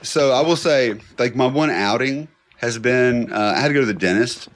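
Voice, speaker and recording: A man's voice: mid-range voice, moderate pace. A man, a comedian guest on a podcast, rambling through a story with lots of "like" in a studio. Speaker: guest comedian and history professor. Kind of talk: casual chat.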